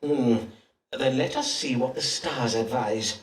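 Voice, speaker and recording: An actor playing a pompous, self-assured Elizabethan astrologer-physician who speaks in archaic formal English. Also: male voice, mid-range voice, slow pace, a little hiss or hum, natural voice. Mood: grave. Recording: roomy distant game audio with faint ambience.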